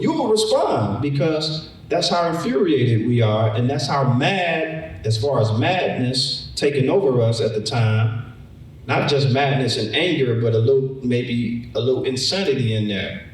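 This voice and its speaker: A man's voice: mid-range voice, expressive, measured pace. A man preaching a Bible lesson in a conversational way, often repeating words and acting out the story. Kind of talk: sermon, Bible teaching. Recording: echoey room, mic far off.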